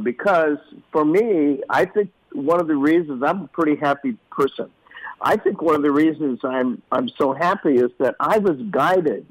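A man's voice: mid-range voice, no echo, low-quality recording. Dry close-miked man telling stories. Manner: animated, acts out quoted voices. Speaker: guest storyteller. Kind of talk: casual storytelling in an interview.

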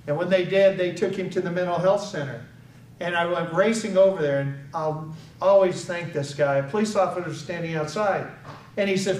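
An older man from the United States delivers an earnest, story-driven speech with a fairly high voice. He is recorded from far off, so the hall's echo carries his words, with a faint ambient hum underneath. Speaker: speaker. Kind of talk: public speech.

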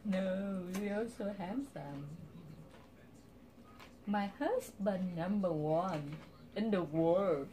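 A woman's voice: medium pitch, lively intonation, drawn-out words, long pauses, mellow, slight background noise. A woman with a Vietnamese accent who talks in broken English mixed with Vietnamese and teases playfully, chatting over a meal at home. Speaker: vlogger. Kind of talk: casual mealtime chat.

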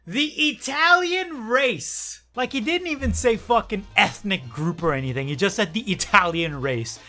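A woman's voice: on the low side, sing-song, moderate pace, sharp tone, faint music behind. A young woman from the Netherlands with a Dutch accent, narrating a sarcastic, profanity-laced commentary video. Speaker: YouTube commentator.

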